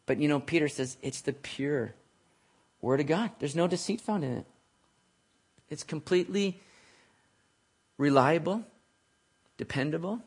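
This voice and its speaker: A man's voice: a little high, breathy edge. A man preaching a conversational sermon, explaining scripture and joking with the congregation by name. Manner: conversational, jokes with listeners, writes on a board. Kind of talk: sermon teaching.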